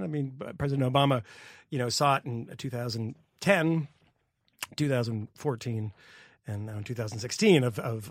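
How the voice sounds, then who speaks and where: A man's voice: mid-range voice, no echo, clean studio sound. A man co-hosting a podcast in casual political chat, talking bluntly and with profanity. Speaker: podcast co-host.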